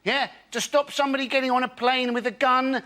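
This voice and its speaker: Bright wry stand-up comedian man. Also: extremely high pitch, fairly even intonation, a little fast. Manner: wry, observational. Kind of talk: stand-up routine.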